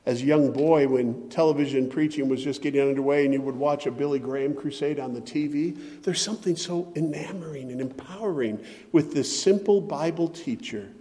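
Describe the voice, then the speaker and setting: Male preacher, fairly high voice, pleading sermon, long church reverb. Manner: impassioned, pleading, swings loud and soft.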